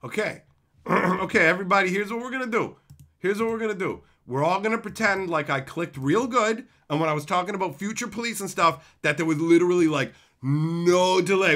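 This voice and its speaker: A man live-streaming as he opens card packs and reads viewer messages aloud, in profane, excitable, rambling banter. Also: high voice, fairly quick.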